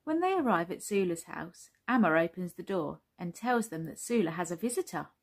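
A woman reading a children's story aloud, gentle and expressive. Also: lowish voice, brisk.

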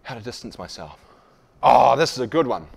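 A man's voice: medium pitch, expressive, a little fast, creaky, slightly rough. A man leading a live leadership workshop, talking conversationally to the room and acting out example dialogues. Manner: conversational, self-deprecating, acts out dialogues. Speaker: leadership speaker.

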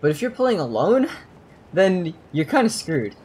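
Lively, rambling streamer. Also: mid-range voice, unhurried, husky. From New Jersey. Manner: rambling, profane, laughs often. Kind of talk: casual gaming stream chatter.

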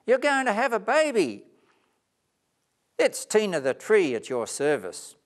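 Tina: a man voicing an eager high-pitched tree lady. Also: takes it slowly. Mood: eager, excited. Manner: high excited exclamations. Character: eager cheerful female tree, always helping.

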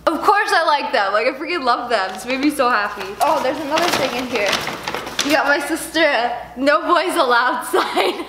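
A woman's voice: high-pitched, lively intonation, moderate pace, echoey room, background noise. A young woman in her twenties, a YouTuber chatting through an unboxing vlog with a bubbly, sarcastic, giggly manner.

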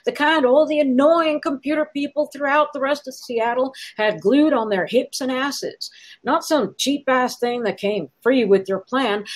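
A woman author reading her own fiction aloud in a wry, sardonic, expressive way. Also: high voice, normal speed, rough recording. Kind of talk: dramatic story reading.

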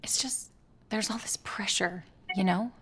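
A woman's voice: mid-range voice, unhurried, a bit bright, breathy edge. An actress playing a frustrated young woman in a comedy sketch, anxiously venting to her partner. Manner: anxious, complaining, wants to be heard.

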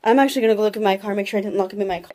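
A young woman vlogs casually into her phone camera, telling a rambling story packed with "like" and restarts. Her medium-pitched voice is dark in tone and comes out rapid-fire.

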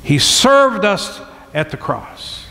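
High-voiced preaching pastor in a reverberant church. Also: male voice, very animated, gravelly, pushed and bright. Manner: emphatic, stretches key words slowly, asks congregation for amens. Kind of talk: sermon. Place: church sanctuary. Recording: long hall reverb from church sanctuary.

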